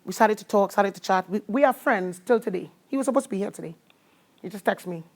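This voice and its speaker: A woman with a Trinidadian accent giving an animated motivational talk to a live audience, telling her story and drawing call-and-response from the crowd. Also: mid-range voice, fast talker. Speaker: motivational speaker.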